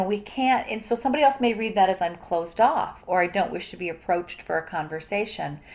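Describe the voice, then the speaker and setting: A middle-aged woman gives a recorded lecture on communication. She speaks informally to her students and often stops to restart a phrase or add a filler. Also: medium pitch. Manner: conversational, many fillers and restarts. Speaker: communication instructor.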